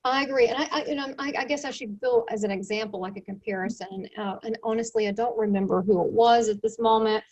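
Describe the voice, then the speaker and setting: Chatty, animated woman hosting a talk show. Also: fairly high pitch, quick pace, few pauses, muffled recording. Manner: animated, chatty, many asides. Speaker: show host. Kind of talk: casual interview chat.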